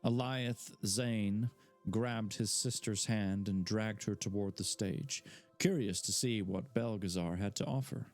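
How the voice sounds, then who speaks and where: A man's voice: fairly low pitch, a little slow, a little mellow, faint music behind. A man reading a fantasy novel aloud live, narrating with casual asides. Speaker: audiobook reader.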